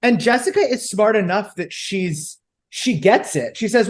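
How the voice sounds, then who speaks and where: A woman's voice: medium pitch, a little slow. A young woman co-hosting a podcast, discussing a book and reading its quotes aloud with feeling. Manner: thoughtful, reads quotes aloud in lively voices. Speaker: podcast co-host. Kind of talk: casual book-club chat.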